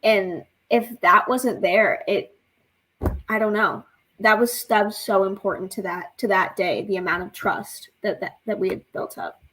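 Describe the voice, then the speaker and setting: Husky-voiced woman in the cast, thinking out loud, lots of likes. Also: medium pitch, unhurried, rough recording. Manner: thoughtful, hesitant. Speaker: cast member. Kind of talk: casual group reminiscing.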